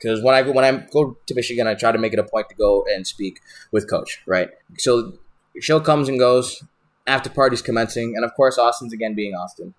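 A young man, a wrestler on a podcast, telling a road story in a profane, animated, rambling way with lots of restarts. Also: medium pitch, brisk. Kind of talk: casual storytelling.

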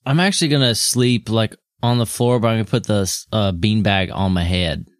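A man's voice: on the low side, normal speed, no echo. Casual male player, mid voice, dry close sound.

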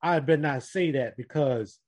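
A man's voice: medium pitch, moderate pace, a little mellow. A man leading a casual group podcast chat, telling an earnest personal story and speaking directly to the others around him.

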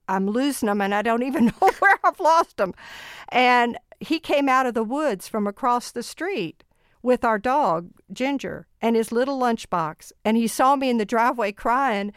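A woman in her sixties, a mother of ten, telling family stories in an earnest, animated way with laughs along the way. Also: a little high, a little slow, smooth, dry recording, clean studio sound. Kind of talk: personal storytelling in an interview.

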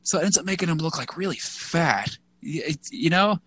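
A man's voice: fairly high pitch, animated, moderate pace, fairly bright tone, slightly rough, no room sound. A man co-hosting a casual podcast, rambling with lots of "like" and restarts. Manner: rambling, full of "like" and restarts, acts out quotes in a goofy voice. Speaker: podcast co-host. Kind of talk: casual chat.

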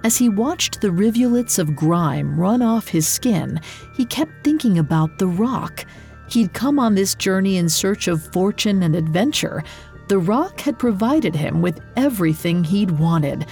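A woman reading a scripted story in a measured, expressive narrating voice. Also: mid-range voice, soft background music.

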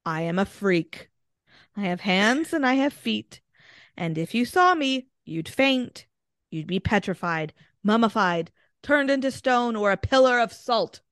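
A woman's voice: mid-range voice, lively intonation, measured pace, dry recording, clean studio sound. A boastful, threatening mongoose spirit, as a woman puts him on. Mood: menacing. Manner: dramatic quoted read-out, rising to a shout.

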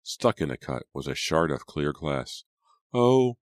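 A man narrating an audiobook in a steady, measured storytelling manner. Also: very deep voice, no echo. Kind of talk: scripted narration.

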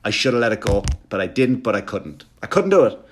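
Fast-talking, profane male comedian. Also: fairly low pitch, sing-song, a little hiss or hum. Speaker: stand-up comedian. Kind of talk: stand-up storytelling.

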